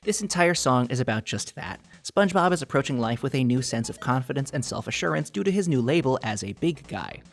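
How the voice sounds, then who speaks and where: A YouTube theory video host analyzes his subject with earnest, over-the-top seriousness while barely holding back laughter. His mid-range voice is expressive and brisk, with hardly any pauses.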